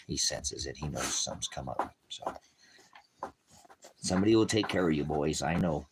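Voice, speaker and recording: A middle-aged man preaching on his own ministry stream, angry and cursing, swinging from shouted rants to quiet murmurs. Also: a bass voice, moderate pace, background noise. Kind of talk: impassioned livestream preaching.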